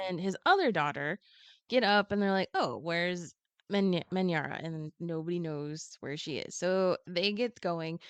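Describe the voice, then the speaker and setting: A woman chatting casually as a podcast guest, retelling a picture book in an animated way and playing the characters' lines in quick asides. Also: on the low side, clear, resonant tone, no echo.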